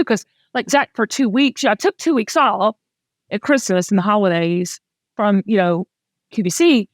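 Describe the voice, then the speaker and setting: At a moderate pace, a middle-aged woman with a Southern US accent hosts a podcast, talking openly and emotionally through chatty stories. Her voice is a little high and expressive. It's studio-quality audio with no room sound.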